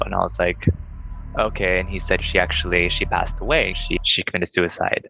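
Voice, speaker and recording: Young man, podcast co-host, casual ghost-story telling, bright and forceful tone, slightly low voice, faint music behind. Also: fairly quick, creaky, highs cut off. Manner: animated, acts out quoted dialogue in a higher voice.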